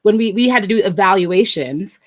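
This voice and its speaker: A woman in casual podcast chat, speaking in an emphatic, profane way and quick to joke. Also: medium pitch, expressive. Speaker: podcast co-host.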